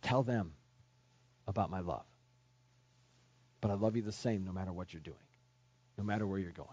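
Man voicing a soft tender fatherly God, husky, muffled lo-fi sound. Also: sits low, normal speed, pitched below the performer's own voice. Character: gentle, loving fatherly God. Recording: dull lo-fi sermon recording.

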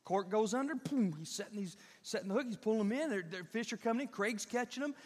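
A man from Southern Illinois, a pastor telling a folksy, animated story in a sermon. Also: high voice, quick pace. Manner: folksy, animated, addresses the audience directly. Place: church sanctuary. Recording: reverberant church hall.

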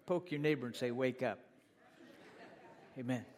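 A man's voice: medium pitch, normal speed, long pauses, darkish tone. A man preaching a sermon in church, repeating phrases for emphasis and calling on the congregation to answer him. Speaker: pastor.

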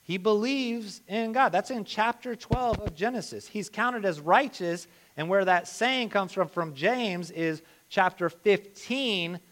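A man preaching a sermon, telling a lively story and then reading and explaining scripture aloud. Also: sits high, unhurried, few pauses. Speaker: pastor.

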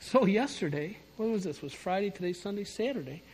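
Brief: middle-aged male preacher, husky, emphatic testimony sermon, reverberant church hall. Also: high-pitched, brisk. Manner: storytelling, animated, emphatic. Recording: long reverb of a large hall.

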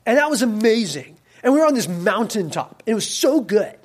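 A man preaching a casual sermon as a youth pastor. He swings between loud, emphatic stretches and quiet, soft-spoken asides. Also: high-pitched, very animated, moderate pace.

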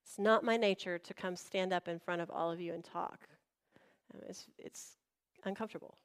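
A woman pastor preaching a sermon, telling a personal story with animated, acted-out dialogue to a congregation. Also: lowish voice, normal speed. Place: church before a congregation.

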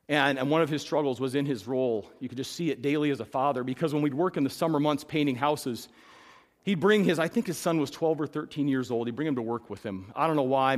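A middle-aged man, a pastor preaching a sermon, who climbs to loud emphatic peaks and then drops to soft, reflective storytelling. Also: medium pitch. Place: church sanctuary. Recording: long reverb of a hall.

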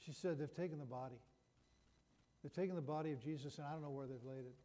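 Preaching in a hall with long reverb, this pastor has a fairly high, warm voice and a quick pace. He retells a Bible story conversationally, often restarting his sentences.

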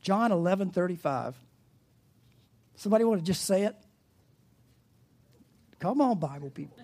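A pastor preaching a sermon, animated and asking the congregation questions, dropping to a soft, hushed voice in reflective passages. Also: medium pitch, moderate pace.

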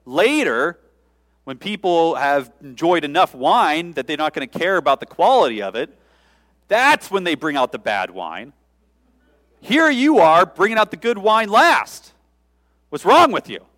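A man's voice: fairly high pitch, big pitch swings, measured pace, a bit bright, big-room sound, voice pushed up. A man putting on a condescending wedding steward. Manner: condescending, lecturing.

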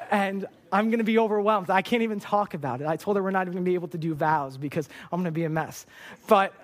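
Earnest young man preaching, slightly high. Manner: earnest, emotional, repeats words when moved. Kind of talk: sermon. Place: church stage.

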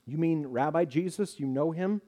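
A man's voice: on the high side, moderate pace, mellow, lightly acted. A man voicing an angry, suspicious villager who bursts out sharply while reading a story aloud. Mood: surprised.

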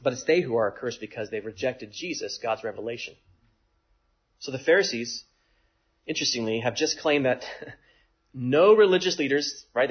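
A man preaching a sermon in an animated way, acting out the voices in the passage he reads and often asking "right?". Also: medium pitch, breathy edge, muffled recording. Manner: animated, acts out quoted voices, frequent "right?". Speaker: pastor.

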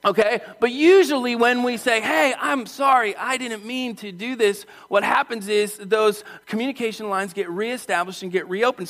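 A man preaching a sermon in a church, animated and playful, acting out voices and calling on the crowd. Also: very high voice. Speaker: pastor.

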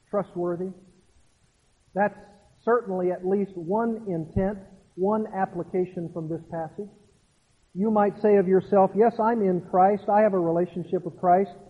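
A man's voice: high voice, slightly rough. A man preaching an expository sermon, earnestly explaining a passage and putting questions to the congregation. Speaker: pastor. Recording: tinny phone-like sound in a long reverberant hall.

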